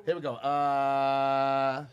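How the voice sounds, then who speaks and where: A man hosting a podcast, joking around in a relaxed, slangy way. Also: mid-range voice, drawn-out words, clean tone. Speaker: podcast host. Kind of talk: casual chat.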